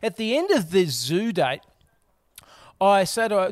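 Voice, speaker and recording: A man's voice: sits high, normal speed, no echo, clean studio sound. A man with an Australian accent, a guest comedian telling self-mocking stories in a casual podcast chat. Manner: animated storyteller, self-mocking.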